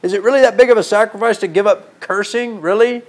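Dramatic preacher, slightly high voice. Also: male voice, fairly even intonation, fast talker. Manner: dramatic, swings from loud emphasis to hushed tones; rhetorical questions, repeats words for emphasis. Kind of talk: sermon.

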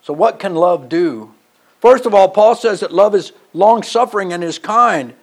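Male preacher, pitch a touch above average, sermon delivery with emphatic swells and hushed drops. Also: expressive, moderate pace. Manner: storytelling, rising to emphatic passages then dropping quiet.

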